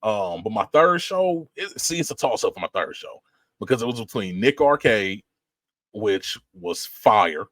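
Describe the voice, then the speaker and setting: A man co-hosting a podcast in casual chat, animated and slangy, laughing often. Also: on the low side, measured pace. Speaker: podcast co-host.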